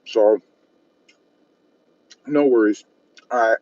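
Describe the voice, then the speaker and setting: A man from South Texas with a lowish, somewhat mellow voice speaks very slowly. He hosts a car channel and is live-streaming from his parked car at a fast-food restaurant, eating and reading chat comments aloud in a self-mocking, easygoing way. The recording is dry, with the highs cut off.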